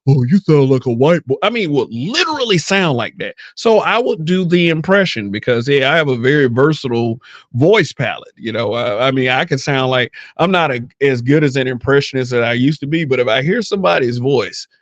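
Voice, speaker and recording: A man's voice: medium pitch, lively intonation, brisk, no room sound, lo-fi sound. A man hosting a podcast in casual chat, blunt and profane, often mimicking other people's voices. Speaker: podcast host.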